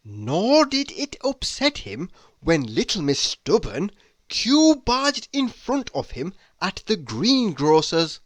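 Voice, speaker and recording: A man reading a children's picture book aloud in a slow, expressive storytelling voice. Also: high voice, no room sound. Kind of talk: children's read-aloud narration.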